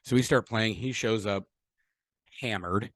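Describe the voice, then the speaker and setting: A man's voice: on the low side, unhurried, no echo. A man co-hosting a podcast, telling stories in a casual, profane way and acting out what people said. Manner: profane animated storytelling with acted-out quotes. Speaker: podcast co-host. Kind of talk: casual chat.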